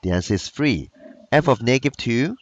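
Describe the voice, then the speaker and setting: A man's voice: medium pitch, expressive, a little fast, dull audio. A man teaching math in a recorded lesson. He speaks patiently, repeats each key point, and talks in plain phrasing with loose grammar.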